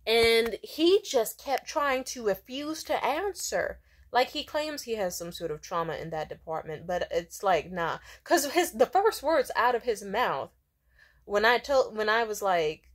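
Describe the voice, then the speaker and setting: A woman's voice: medium pitch, expressive, normal speed. A young woman vents about a bad date in a loose, casual rant. She is blunt and indignant, swears freely and fills her talk with fillers. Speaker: vlogger.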